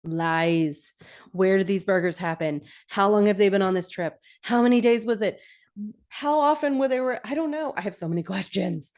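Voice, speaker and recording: A young woman with a medium-pitched voice talks through a TV episode on her relaxed, chatty podcast at an ordinary speed. She laughs frequently and livens up, pitching her voice higher to act out lines.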